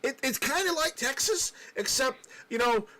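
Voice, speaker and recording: A man's voice: extremely high pitch, lively intonation, moderate pace, bright, forceful tone. A man hosting a casual livestream, chatting with a co-host and reading viewer comments aloud, often repeating words as he restarts. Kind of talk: casual live-stream chat.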